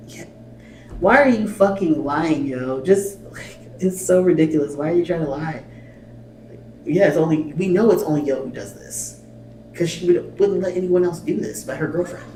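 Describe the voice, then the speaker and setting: A man's voice: on the high side, dark tone. A man hosting a reaction video, bluntly commenting and reading subtitles aloud with swearing and exasperation. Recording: echoey room, mic at a distance, faint noise.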